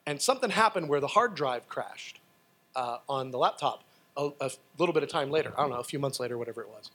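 A man preaching a sermon and telling personal stories in a casual, animated way. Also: medium pitch, fast talker. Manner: animated, excitable storytelling; casual, conversational with fillers.

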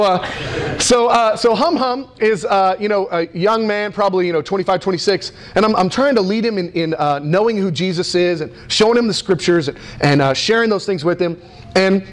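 American guy preaching, fairly high voice, excitable and rambly, faint hiss behind. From United States. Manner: animated, excitable, many fillers and restarts. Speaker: pastor. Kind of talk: sermon storytelling.

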